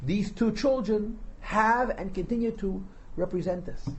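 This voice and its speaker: A man's voice: high voice, unhurried, a little hiss or hum, rough recording. A man teaching a text class as a rabbi, translating line by line and asking rhetorical questions. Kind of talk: lecture on Torah text, reading and translating.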